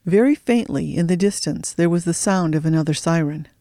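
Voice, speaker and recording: A narrator reading a thriller audiobook in a steady storytelling voice, slowing for suspense. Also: medium pitch, dry recording, studio quality.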